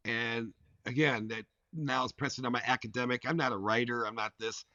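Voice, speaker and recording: A man's voice: medium pitch, brisk, no echo. Man telling a rambling story, dull lo-fi sound. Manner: rambling and animated, full of "like" fillers. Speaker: podcast guest. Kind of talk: casual storytelling. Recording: dull, dry lo-fi recording.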